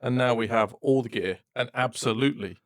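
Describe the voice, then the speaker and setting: A man's voice: medium pitch, a little fast, no room sound. A man co-hosting a casual podcast, trading dry, wry quips. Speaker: podcast co-host. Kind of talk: casual chat. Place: home podcast setup, indoors.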